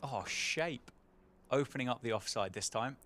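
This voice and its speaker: A man's voice: medium pitch, normal speed, slight background noise. A man commentating live on a county cricket match, chatting between balls and lifting for big moments. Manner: conversational, rising to excited calls at wickets.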